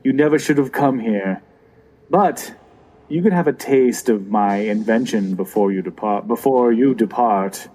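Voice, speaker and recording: A man voicing a haughty masked villain boss who mocks with low, dry scorn. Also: unhurried, mellow, natural voice, poor audio. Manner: haughty, mocking. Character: cool masked male villain boss, sneering inventor.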